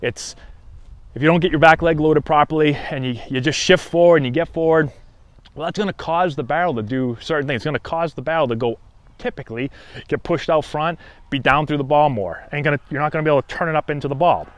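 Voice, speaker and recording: A man's voice: on the high side, fast talker, dry recording. Upbeat man coaching baseball hitting. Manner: conversational, frequent "right?" check-ins. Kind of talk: casual instructional talk to camera.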